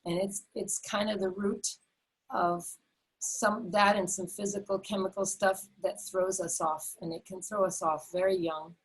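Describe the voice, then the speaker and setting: A woman's voice: medium pitch, flat delivery, measured pace, husky, rough recording. A middle-aged woman teaching a health webinar over a video call, earnest and repetitive, often restarting with fillers. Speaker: health educator. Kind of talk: enthusiastic webinar talk.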